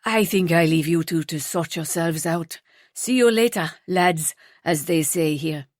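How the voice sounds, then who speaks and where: A woman narrator voicing a wry, brisk man who speaks in a dry, matter-of-fact way. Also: low-pitched, no echo, voice pushed down.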